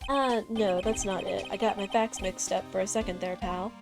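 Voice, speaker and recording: A woman voicing a gruff, bumbling male police detective who talks in a blustery way and keeps calling people pal. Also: medium pitch, fairly even intonation, normal speed, music in the background, natural voice. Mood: sheepish. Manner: blustery, ends lines with "pal".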